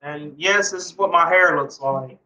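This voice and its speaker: Rambling high-voiced man on a livestream. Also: moderate pace, sharp tone, recorded from a distance. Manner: rambling and repetitive. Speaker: livestreamer chatting with viewers. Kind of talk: casual livestream chat. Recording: roomy, off-mic, dull lo-fi sound.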